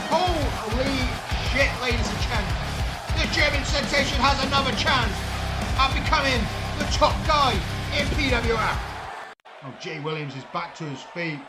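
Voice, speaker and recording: A man calling a wrestling video game match, getting loud and swearing at big moments and laughing through the calls. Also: very high-pitched. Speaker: play-by-play commentator. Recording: roomy sound with loud music behind.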